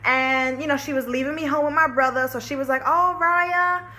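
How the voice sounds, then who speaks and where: A woman's voice: sits high, steady tone, quick pace, bright, forceful tone. A young woman telling a story to camera in a candid, chatty way, swearing freely and filling her talk with "like" and "you know.". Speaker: vlogger. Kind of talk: casual storytime chat.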